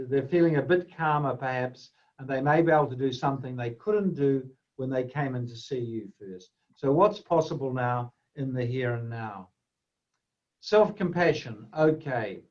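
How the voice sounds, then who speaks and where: A man gives a webinar talk in a middle-pitched, conversational voice. He stops and restarts often and scatters fillers through his sentences. The audio is dull and lo-fi. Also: darkish tone. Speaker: webinar presenter, doctor. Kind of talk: webinar lecture.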